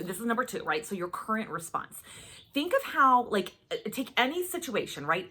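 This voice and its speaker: A woman coaching her listeners through a self-help lesson, her pitch jumping around a lot as she talks. Her voice is bright but a little husky, and she keeps checking in with "right?" and "okay?" after each point. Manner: acts out examples in lively voices. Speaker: life coach. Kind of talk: self-help teaching talk.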